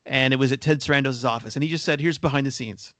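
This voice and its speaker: A man's voice: medium pitch, fast talker, a bit bright, dry recording. A man co-hosting a podcast in casual discussion, rambling and restarting sentences, coughing now and then. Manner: rambling, repeats words when starting sentences. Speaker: podcast co-host.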